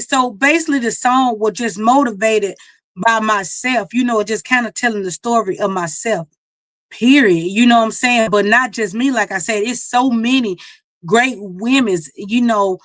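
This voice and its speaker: A woman's voice: on the high side, a bit bright, dry recording. Middle-aged woman, Mississippi country accent, folksy storyteller guest, dry mic. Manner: folksy, storytelling, laughs at herself. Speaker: singer guest. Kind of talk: casual interview chat.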